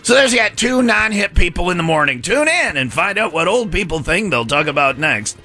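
A man's voice: high-pitched, sing-song, brisk, bright, forceful tone, soft background music. A middle-aged man hosting a morning radio show in casual chat, jokey and rambling as he riffs on the news. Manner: jokey, rambling, self-mocking.

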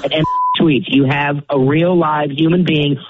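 A man's voice: a little high, fairly even intonation, unhurried, highs cut off, background noise. A man working a hotel front desk, answering the phone politely and growing incredulous. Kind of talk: phone conversation.

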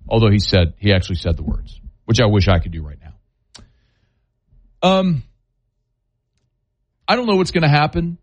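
A man with a low voice hosting sports talk radio, speaking into a studio mic. He talks casually but with strong opinions and gets fired up on the topic. The sound is dry and close, with no room echo. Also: dull audio. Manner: opinionated, conversational, worked-up rants. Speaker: sports talk show host.

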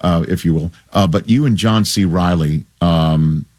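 A man's voice: low voice, measured pace, a little mellow, dry recording, clean studio sound. A man hosting a casual interview, asking his guest questions in a conversational way. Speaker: host.

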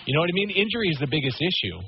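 A man's voice: a little high, sing-song, rapid-fire, vocal fry, lo-fi sound, loud music behind the voice. A man co-hosting a radio show, chatting casually with rambling asides. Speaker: radio co-host.

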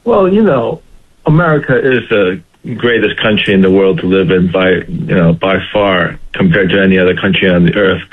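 Male CEO guest, halting and friendly, phone-line sound. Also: low-pitched. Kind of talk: casual radio chat.

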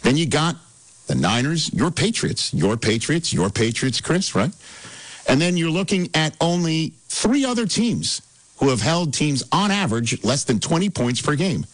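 A man's voice: a little high, big pitch swings, moderate pace, no echo, low-quality recording. A man hosting a casual sports chat, teasing his co-hosts and laughing often. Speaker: host.

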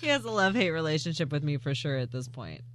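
A woman's voice: deep voice, big pitch swings, fast, a bit bright. A woman co-hosting a late-night show, telling bubbly, self-deprecating stories in casual chat. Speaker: co-host.

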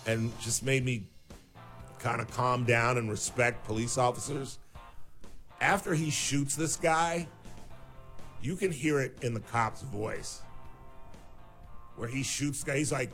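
A man's voice: medium pitch, unhurried, pauses often, a bit bright. A man rants on his own talk radio show, sarcastic and incredulous by turns. Faint music sits underneath his voice. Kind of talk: opinionated talk radio monologue.

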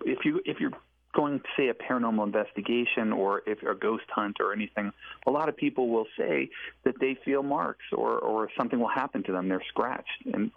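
A man co-hosting a talk show, explaining in a hesitant, halting way. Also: medium pitch, gravelly, no echo. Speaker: co-host. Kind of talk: casual chat. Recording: dry, phone-like sound.

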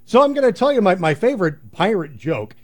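A man's voice: high-pitched, very animated, brisk. A man casually telling a joke, chuckling and restarting his words. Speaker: joke teller.

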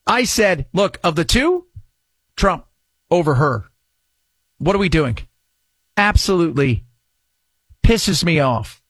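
A man's voice: a little high, sing-song, slow, pauses often, husky, dry recording. A man hosting a talk radio show, ranting with sarcasm and indignation. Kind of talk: opinionated talk radio monologue.

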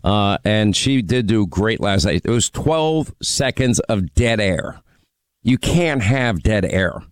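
A man's voice: lowish voice, animated, takes it slowly, no echo. A man hosting a call-in radio show, needling and mocking a caller in a brash, combative way. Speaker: radio talk show host. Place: radio studio.

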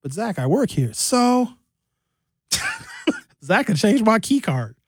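A man hosting a radio talk show, telling lively stories with impressions. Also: high-pitched, takes it slowly, slightly rough, dry recording, clean studio sound. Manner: animated storyteller, slips into impressions. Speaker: radio host. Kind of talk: lively casual radio banter.

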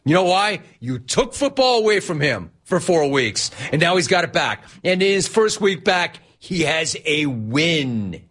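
A man hosting a sports talk show, teasing and animated, reading out chat and laughing often. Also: a little high, measured pace, few pauses.

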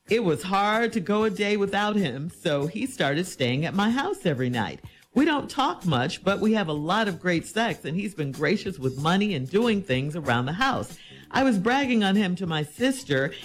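A woman hosting an advice show, reading a listener's letter, then answering in an incredulous, teasing way. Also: fairly low pitch.

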